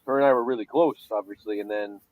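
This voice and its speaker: A man's voice: fairly low pitch, quick pace, no room sound. Guy in his 30s rambling through stories on a live show, dry muffled mic. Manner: crude joking, rambling storyteller. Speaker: podcast co-host. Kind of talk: casual chat.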